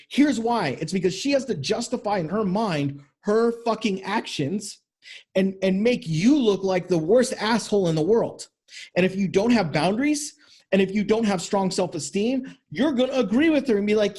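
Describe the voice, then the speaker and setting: A man's voice: high voice, expressive, moderate pace, darkish tone, husky. A man hosting a podcast as a men's coach, talking bluntly and emphatically with lots of swearing. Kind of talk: motivational podcast monologue.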